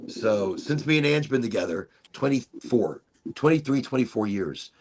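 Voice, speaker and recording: A man's voice: mid-range voice, lively intonation, moderate pace, a little mellow. A middle-aged man hosting a casual chat show, rambling freely with laughs and swearing. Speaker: podcast host.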